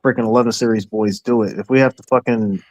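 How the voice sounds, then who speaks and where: Animated, profane D.C. man. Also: on the low side, fast, dull audio, slight background noise. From Washington, D.C., USA. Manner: profane, animated storyteller who acts out quotes. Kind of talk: casual podcast chat.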